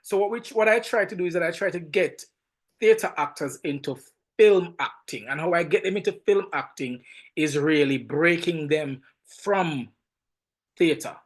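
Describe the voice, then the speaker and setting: Jamaican man, film director, podcast guest; slightly high voice, lively emphatic storyteller who repeats himself. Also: normal speed. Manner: animated, emphatic storytelling with frequent word repeats. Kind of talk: casual podcast interview.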